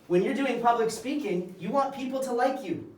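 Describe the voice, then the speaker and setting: A man with a fairly high voice teaches a class of young learners, keeping his sentences short and emphatic. He is picked up from across an echoey classroom, with faint room noise behind him. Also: moderate pace, darkish tone, far from the mic. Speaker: English teacher.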